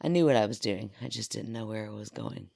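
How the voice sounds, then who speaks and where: Deep, gravelly woman with a dry cough. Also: a little fast, very noisy. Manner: playful, joking, breaks into silly sounds. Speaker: podcast co-host. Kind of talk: casual podcast chat.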